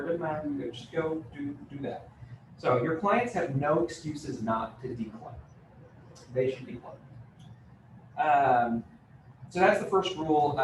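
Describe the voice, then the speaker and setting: A man giving a live real estate training talk, conversational and joking, with many fillers. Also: fairly high pitch. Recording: roomy, distant mic with room noise.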